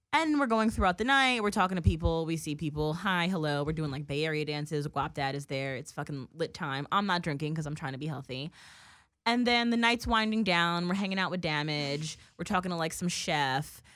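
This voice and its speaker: A woman's voice: medium pitch, no room sound. A young adult woman hosting a podcast in casual chat, telling a story with lots of swearing and acting out each person's lines. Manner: profane, animated storyteller who acts out dialogue. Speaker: podcast host.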